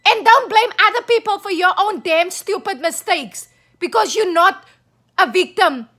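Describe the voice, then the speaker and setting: A woman from South Africa rants straight to camera, her voice pitched very high. She scolds in emphatic, repeated bursts and sounds agitated throughout, with a bright, cutting edge to her tone. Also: expressive, a little slow. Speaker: vlogger. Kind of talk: angry monologue to camera.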